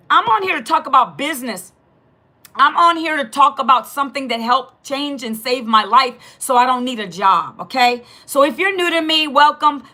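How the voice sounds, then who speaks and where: A woman in her fifties from Northern Virginia with a raspy voice, talking bluntly straight to her viewers on a phone live stream. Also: high voice, pushed and bright. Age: 50s. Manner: blunt, talks straight at the chat. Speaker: livestream host.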